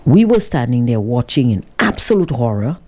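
A woman vlogger telling her viewers a dramatic story, with an animated, expressive delivery. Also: a bass voice, normal speed. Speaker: vlogger working with a cameraman.

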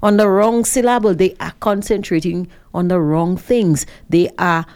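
A woman hosting a call-in radio show, answering callers in a measured, reasoning way. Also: fairly low pitch, smooth. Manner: measured, reasoned, calmly pushes back. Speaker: radio talk show host.

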